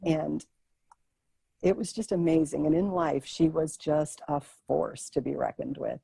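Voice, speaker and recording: Low, husky woman, interview guest, expressive storyteller who restarts mid-sentence. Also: unhurried, dry recording, low-quality recording. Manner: vivid, expressive, animated retelling with many restarts. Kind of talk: emotional personal storytelling.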